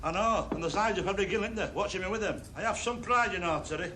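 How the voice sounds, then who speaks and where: An actor playing a brash, bawdy Northern English rugby joker in a 1970s television drama, with a Northern English accent. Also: male voice, high-pitched, fast talker, bright, forceful tone, slight background noise. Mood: cheeky. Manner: cheeky, boastful joking.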